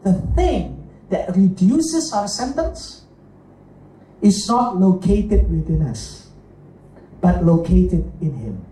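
A man with an Indonesian accent preaches a sermon, his voice mellow and warm. He keeps asking the congregation rhetorical questions and checking they follow. He is heard from some way off the mic in an echoey hall, with faint ambience behind him. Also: high-pitched, sing-song, slow, recorded from a distance, slight background noise. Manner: asks listeners rhetorical questions, checks in with "right?" and "get it?". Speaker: pastor.

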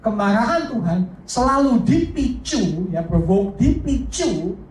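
A man preaching a sermon in a lively, animated way, often repeating and restarting his words. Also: high-pitched, unhurried, slight background noise. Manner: animated, repeats words, acts out a story character. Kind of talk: sermon, mixing English with Indonesian. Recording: echoey room from far off, faint ambience.

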